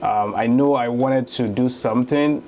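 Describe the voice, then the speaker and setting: Nigerian man with a warm, mellow voice. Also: medium pitch, moderate pace, slight background noise. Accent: Nigerian, from Lagos. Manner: laughs easily, conversational storytelling. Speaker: guest, real estate investor. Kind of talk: casual interview.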